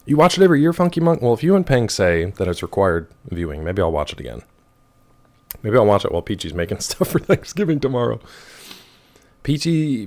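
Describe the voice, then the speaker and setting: A man in his thirties chatting casually with his stream viewers, rambling and wry, with a rough throat. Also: medium pitch, big pitch swings, fairly quick, darkish tone. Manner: rambling, wry, reacts to chat messages.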